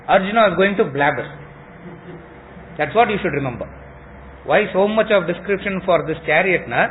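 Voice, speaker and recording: A man's voice: a little high, lively intonation, normal speed, long pauses. A man teaching a scripture class, repeating his phrases and quizzing listeners with rhetorical questions. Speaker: spiritual teacher. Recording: tinny phone-like lo-fi recording with faint noise.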